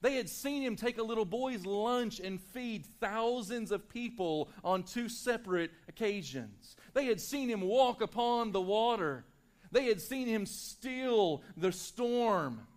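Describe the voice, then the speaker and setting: A male pastor preaching a sermon to his church, swinging between loud, emphatic lines and hushed, quiet ones. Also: high voice, lively intonation, slow. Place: church sanctuary.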